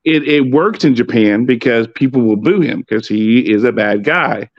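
A man's voice: medium pitch, moderate pace, no echo, lo-fi sound. A man joining a casual wrestling chat who explains things in a laid-back, profane way. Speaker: podcast guest on wrestling.

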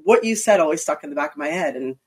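A woman's voice: on the low side, animated, fast, vocal fry, darkish tone, slightly rough. Chatty self-mocking woman guest. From Philadelphia area, US. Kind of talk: casual interview chat.

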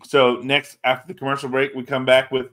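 A man's voice: medium pitch, completely flat delivery, a little fast, fairly bright tone. A man hosting a podcast, casually recapping a show in a rambling, laid-back way with lots of fillers and swearing. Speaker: podcast host reviewing a wrestling show.

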